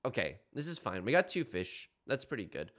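Excitable man with a lively voice. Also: mid-range voice, fairly quick. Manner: excitable, jokey, with sudden loud outbursts. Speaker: gaming YouTuber. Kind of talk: casual gameplay commentary.

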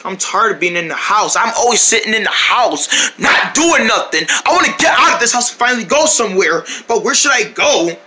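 High, very bright-voiced male storyteller. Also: expressive, brisk, few pauses, slightly rough. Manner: run-on, playful storytelling with sound effects. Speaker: storyteller voicing a character. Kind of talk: rambling first-person story skit.

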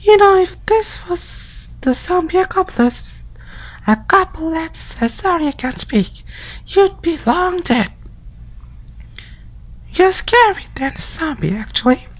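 A man voicing a sarcastic teenage friend in a high, breathy whisper with a mocking manner. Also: lively intonation, takes it slowly, exaggerated voice. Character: teasing, snarky teenage friend. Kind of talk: voicing game dialogue.

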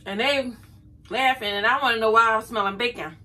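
Middle-aged woman, a bright, animated vlogger telling a story. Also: a little high, fairly quick, poor audio. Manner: animated, chatty, addresses viewers as y'all. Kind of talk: casual storytelling to camera.

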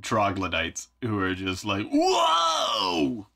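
Fairly low in pitch and fairly bright, his voice keeps a moderate pace. Working in his home studio on a songwriting vlog, the host thinks out loud in a laid-back, wry way, often at his own expense.

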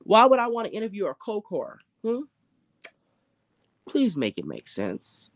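A confrontational commentary host on a live rant, swearing freely and hammering rhetorical questions. The slangy talk stretches out its taunts, and the voice sits at a middling pitch with a close, dry sound. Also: wildly swooping pitch, measured pace, dry recording.

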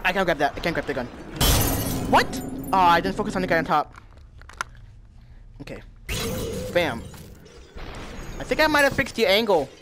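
A young man giving casual let's-play commentary while playing a VR game, reacting with loud exclamations. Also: high-pitched, lively intonation, fairly quick, long pauses, over music. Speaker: gamer playing VR with a friend. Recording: noisy with game gunfire behind.

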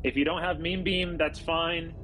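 A young man giving tactics to his team over casual voice chat, talking in halting bursts with many fillers and restarts. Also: on the high side, level tone, pushed and bright, faint music behind, poor audio. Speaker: squadron leader and streamer.

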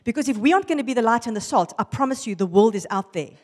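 A woman giving a lively testimony sermon to a women's church gathering, acting out the voices in her stories. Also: a little high, racing, long reverb tail. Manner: animated storytelling, acting out voices. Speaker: women's ministry speaker. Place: church hall.

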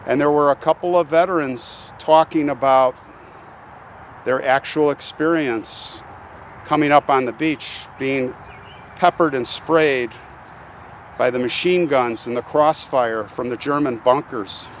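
A man's voice: medium pitch, a little slow, slight background noise. Earnest man speaking reverently outdoors. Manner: earnest and reverent, addressing viewers directly. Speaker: channel host visiting a grave. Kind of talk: emotional on-location vlog. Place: outdoors at a military cemetery.

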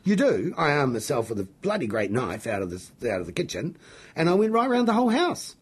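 A middle-aged man with a New Zealand accent and a gravelly, husky voice, telling stories as an interview guest in an excitable, jokey, rambling way. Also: fairly high pitch, brisk. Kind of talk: animated storytelling in an interview.

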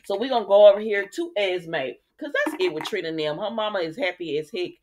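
A woman's voice: medium pitch, animated, a little fast, a little mellow, slight background noise. A woman hosting a casual soap opera recap, chatty and opinionated, talking straight to her viewers. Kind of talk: casual chat recapping episodes.

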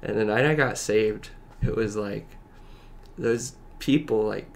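As a guest on a podcast, a man with a lowish, gravelly voice recounts his faith journey conversationally, with slight background noise. He speaks earnestly but haltingly, uses lots of fillers, and at moments seems close to crying.

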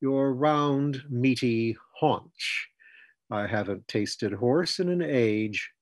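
A man voicing a sardonic, menacing catman cavalry colonel who drawls slowly. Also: medium pitch, dry recording. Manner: slow drawl, murmuring threat.

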